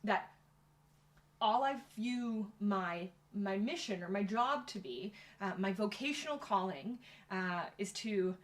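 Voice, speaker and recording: Woman, youth pastor guest, casual interview, thoughtful, reflective, measured. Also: medium pitch, expressive.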